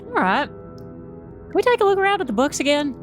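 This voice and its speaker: A woman's voice: high-pitched, very animated, moderate pace, soft background music. A woman playing a tabletop game, playful and laughing often. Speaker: player. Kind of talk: casual tabletop role-play.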